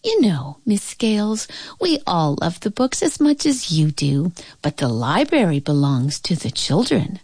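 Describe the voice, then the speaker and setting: A gentle female kindergarten teacher in a storybook, voiced by a woman reading aloud. She coaxes softly and kindly. The recording is close and dry. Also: lowish voice, big pitch swings, a little slow, husky, dry recording, full character voice. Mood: coaxing.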